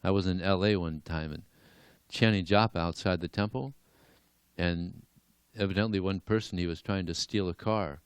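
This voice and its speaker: A man giving a devotional class and telling stories in an animated way, chuckling now and then. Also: sits low, normal speed, smooth, dry recording. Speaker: lecturer. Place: temple hall.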